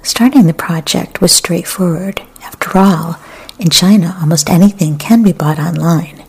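A woman reading poetry and memoir aloud in a soft, often half-whispered, measured way. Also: fairly low pitch, husky. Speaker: literary reader.

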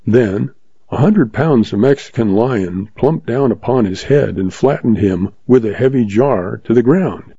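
A man narrating a story in a steady audiobook reading. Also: mid-range voice, unhurried, breathy edge, no room sound. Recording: slightly dull, dry recording.

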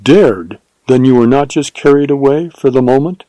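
A man's voice: medium pitch, moderate pace, mellow, no room sound, natural voice, poor audio. A man voicing a proud, spirited young woman with an imperious, teasing manner in a read-aloud western story. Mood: tender.

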